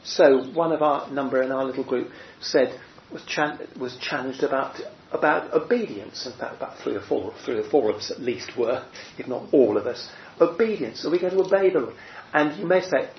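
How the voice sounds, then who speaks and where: In a muffled, roomy recording with slight background noise, a preacher teaches a small group at a moderate pace. His voice is on the high side, and he talks conversationally, with many fillers and restarts, asking the room questions.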